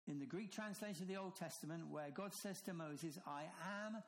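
Man, sermon, emphatic, slightly high voice, faint background noise. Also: low-quality recording. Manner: emphatic, slows and drops low on key phrases. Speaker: preacher.

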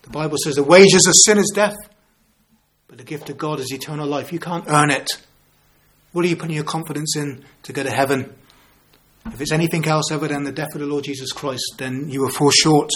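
Male preacher, 50s, earnest sermon delivery with rhetorical questions, slightly higher voice. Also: a little fast, fairly bright tone. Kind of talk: evangelistic sermon.

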